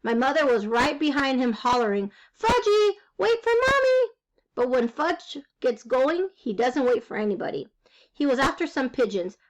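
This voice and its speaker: A woman reading a children's book aloud, telling it in a lively, wry first-person voice. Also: on the high side, normal speed, rough recording. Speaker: reader. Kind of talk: storybook read-aloud.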